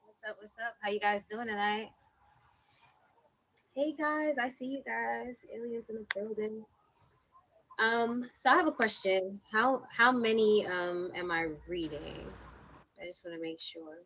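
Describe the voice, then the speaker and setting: A woman in her forties reading spoken word poetry on a livestream, soft-spoken and measured. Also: fairly high pitch, a little hiss or hum. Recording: dull lo-fi livestream audio.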